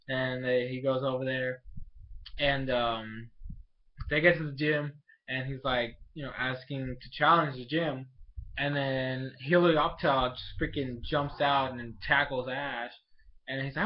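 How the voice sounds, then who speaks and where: A man's voice: medium pitch, fairly even intonation, normal speed. A young man talking through a casual video review of a cartoon episode, rambling and full of fillers. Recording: dull lo-fi home recording.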